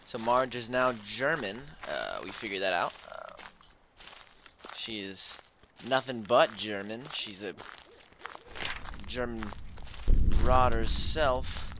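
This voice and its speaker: A man giving let's-play commentary on a horror game, rambling and joking nervously, stammering and yelling when startled. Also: lowish voice, sing-song, slow pace, pauses often, noisy background. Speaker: gaming channel host.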